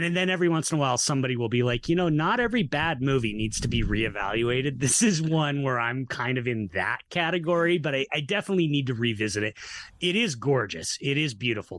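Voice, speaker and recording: Man, podcast guest, mid-pitched voice, rambling casual film talk, lots of fillers. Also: a bit bright, no echo. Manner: rambling, hesitant, frequent fillers and profanity.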